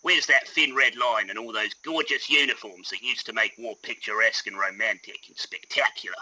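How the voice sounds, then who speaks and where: A man's voice: on the low side, fairly quick, sharp tone, breathy edge, heavily acted, poor audio. A man voicing a weary young Australian soldier in a put-on Australian accent, reading a lament aloud.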